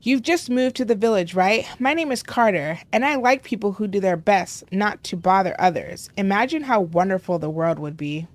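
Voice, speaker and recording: A woman's voice: mid-range voice, expressive, moderate pace, few pauses, lightly acted. A woman reading a prickly, standoffish villager from a game, curt and a bit snide.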